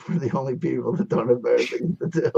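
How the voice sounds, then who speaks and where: A man's voice: medium pitch, brisk, creaky, mellow, slightly rough, no room sound, highs cut off. A man hosting a casual livestream chat, rambling and laughing, with a sentimental sign-off. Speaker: livestream host.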